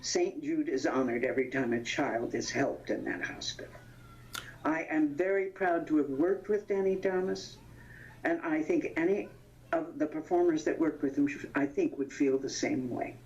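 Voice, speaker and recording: A woman in her eighties, a veteran actress, reminiscing in an interview as an animated storyteller who laughs often and stops to search for names. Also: deep voice, moderate pace. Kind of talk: anecdotal reminiscing. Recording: dull lo-fi sound.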